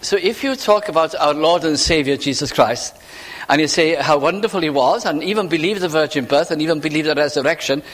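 A man's voice: on the high side, fairly bright tone. Man preaching in a reverberant hall. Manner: conversational preaching with rhetorical questions; slows for scripture quotations. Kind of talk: sermon. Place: church.

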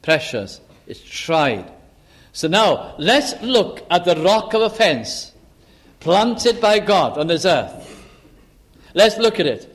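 A man's voice: sits high, sing-song, slow pace. A man preaching a sermon, who explains scripture and acts out little dialogues between characters.

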